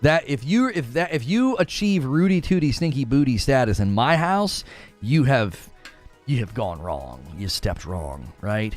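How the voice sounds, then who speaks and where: A man in his thirties hosting a casual livestream, reading viewer messages and chatting with a playful, animated delivery. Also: measured pace, faint music behind. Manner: animated, laughs often, playfully mock-quotes people in a high voice. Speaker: livestream host.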